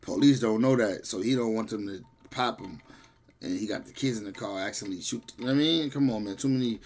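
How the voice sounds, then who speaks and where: A man hosting casual reaction commentary in a blunt, slangy way, jumping from outbursts to low mutters. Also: fast talker, a little mellow. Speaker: host reacting to a video.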